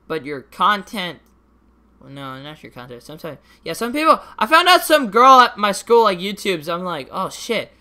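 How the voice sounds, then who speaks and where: Bright-voiced rambling teenage boy. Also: high voice, sing-song, moderate pace. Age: teens. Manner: rambling, restarts often, swears casually. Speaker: podcast host. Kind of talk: casual solo podcast chat.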